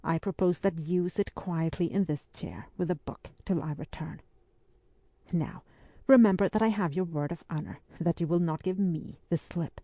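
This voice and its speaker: A woman reading the part of a brisk, firm English spinster hostess in an audiobook. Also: fairly low pitch, mellow, dry recording.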